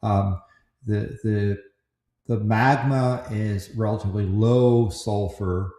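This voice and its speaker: Man, low voice, halting speech, lots of fillers, casual livestream co-host, echoey room. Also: fairly even intonation, mellow. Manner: halting, many restarts and fillers, joking asides. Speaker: co-host explaining volcano science.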